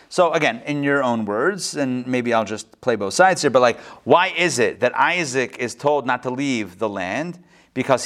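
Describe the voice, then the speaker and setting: A man, a rabbi, teaching a text study class in a playful, animated way full of rhetorical questions and jokes. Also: mid-range voice. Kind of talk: joking, interactive text study lecture.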